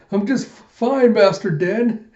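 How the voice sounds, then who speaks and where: A man voicing a cheerful, dreamy young girl sidekick in a high, excited lilt. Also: takes it slowly, distant mic. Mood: giddy. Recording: echoey, dull lo-fi room.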